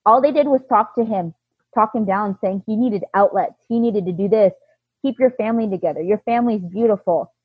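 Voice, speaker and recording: A woman's voice: medium pitch, husky, dry recording. A woman in her thirties, telling her own story in casual talk and acting out the quoted dialogue with animation. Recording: dry, tinny phone-like line.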